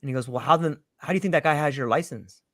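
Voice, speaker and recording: A man with a slightly high voice tells a personal story to a panel in casual chat. He is lively and acts out the voices of the people in it. The sound is close and dry. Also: rapid-fire, no room sound. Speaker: panel guest telling a story.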